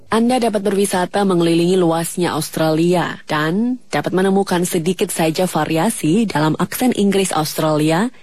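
A woman narrating a radio news feature in an even, measured, scripted reading. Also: lowish voice, faint music behind. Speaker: radio reporter.

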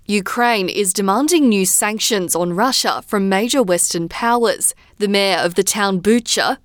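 A woman presents a radio news bulletin, her delivery measured and even. Her voice sits in a middle register and is recorded close and dry in a studio booth. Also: mid-range voice, no room sound. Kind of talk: scripted news bulletin reading.

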